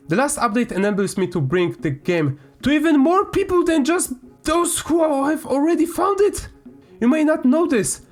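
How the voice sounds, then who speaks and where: A man, a gaming YouTuber, reads a statement aloud and breaks into heated, swearing commentary. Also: extremely high pitch. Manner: heated, swearing, flares up loudly. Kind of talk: reading aloud and ranting commentary.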